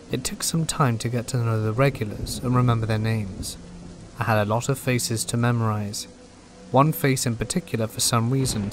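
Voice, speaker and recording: A man reading horror stories aloud in a slow, hushed narration. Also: medium pitch. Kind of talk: scripted narration. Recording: rain noise behind voice. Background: steady rain.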